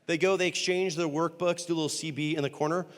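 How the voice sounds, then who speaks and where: A man giving a humorous storytelling keynote, acting out characters with quick voice changes and self-deprecating comic timing. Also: a little high, fairly even intonation. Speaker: motivational speaker and entertainer. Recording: long hall reverb.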